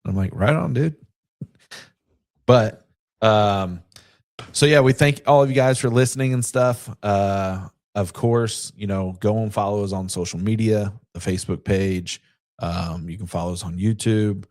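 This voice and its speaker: A man's voice: fairly low pitch, steady tone, moderate pace, darkish tone. A man co-hosting a casual sports talk podcast, telling stories in a chatty way with quoted asides. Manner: chatty storyteller who retells events with quoted asides. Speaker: podcast co-host.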